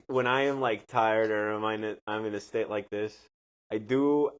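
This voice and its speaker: A man's voice: fairly low pitch, fairly even intonation, normal speed, a little hiss or hum. Man who swears a lot and chats. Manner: slips into a New York style accent when tired; casual, swears often. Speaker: podcast co-host. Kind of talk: casual chat.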